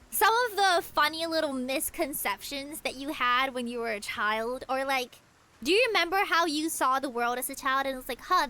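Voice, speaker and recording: Bright, lively young woman streamer. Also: sits high. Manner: chatty storytelling, rambling with restarts. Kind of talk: casual chat while gaming.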